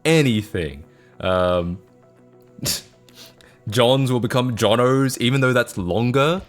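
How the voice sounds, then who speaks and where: A man's voice: mid-range voice, slow, faint music behind. A young Australian man with an Australian accent, chatting casually on a live stream, self-mocking and laughing often as he answers chat.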